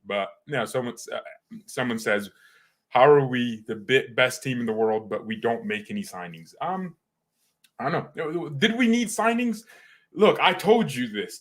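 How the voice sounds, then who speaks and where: A man hosting his own fan channel in an excited, rambling vlog, laughing often as he talks. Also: medium pitch.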